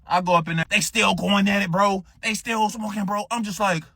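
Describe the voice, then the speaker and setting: A young man telling a comic story, slangy and animated, acting out what others said. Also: sits high, a little fast, no room sound. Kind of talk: storytelling stand-up.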